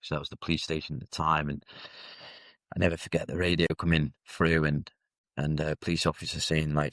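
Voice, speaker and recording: Man in his 30s, guest storyteller, very low and level voice, dry close sound, halting and reflective. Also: little pitch movement, fairly bright tone, dry recording. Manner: reflective, halting, with frequent fillers and restarts. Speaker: podcast guest. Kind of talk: candid personal storytelling.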